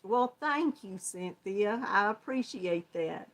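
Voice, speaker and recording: Slow-talking older Southern woman. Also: medium pitch, lively intonation. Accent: Southern American. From Georgia, US South. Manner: chatty and folksy, laughs often. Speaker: crochet channel host. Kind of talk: casual livestream chat greeting viewers.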